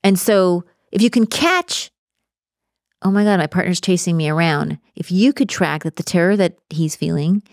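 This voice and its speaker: Woman with a deep-ish voice, relationship coach, lively storyteller, dry close mic. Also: moderate pace, no echo. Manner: animated storyteller, acts out quoted voices. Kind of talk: casual podcast conversation.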